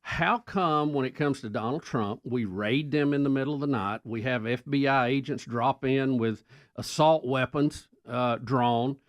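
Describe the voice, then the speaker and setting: A man's voice: medium pitch, a little slow, no room sound. Indignant male radio host, dry sound. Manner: indignant, repetitive restarts. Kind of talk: talk radio commentary.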